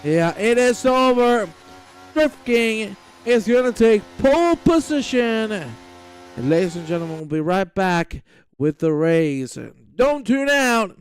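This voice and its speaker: A man's voice: high voice, big pitch swings, slow pace, low-quality recording. A man calling the action in sim racing broadcast commentary, hyping results and addressing the audience. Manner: hype play-by-play, addresses the audience. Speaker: race commentator.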